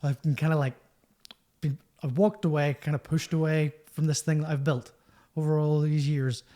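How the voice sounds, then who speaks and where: A man's voice: a little high, fairly even intonation, moderate pace, mellow. A man, a musician telling rambling, self-mocking stories as a podcast guest. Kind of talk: storytelling podcast chat.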